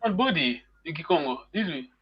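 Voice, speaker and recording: A man's voice: fairly high pitch, expressive, fast. Man teaching with a raised, muffled voice. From Congo. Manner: explains patiently, repeats words for students to echo. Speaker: language teacher. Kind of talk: live online language lesson. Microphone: video call.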